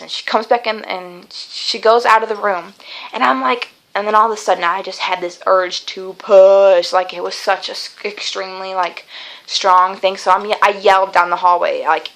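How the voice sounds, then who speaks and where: A woman's voice: mid-range voice, fairly even intonation, moderate pace, a bit bright, rough recording. Chatty young woman vlogging. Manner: chatty and rambling, many fillers and restarts. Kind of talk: casual vlog storytelling.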